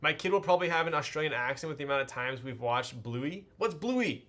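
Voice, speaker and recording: A man's voice: a little high, animated, brisk, hardly any pauses, bright, forceful tone. A man chatting casually with his live-stream audience while he builds a keyboard, greeting viewers in a laid-back way.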